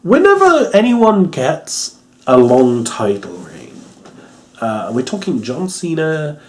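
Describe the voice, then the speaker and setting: A man's voice: a little high, wildly swooping pitch, slow, slight background noise. A young man giving a casual, rambling wrestling review, amused and swearing, with lots of ums.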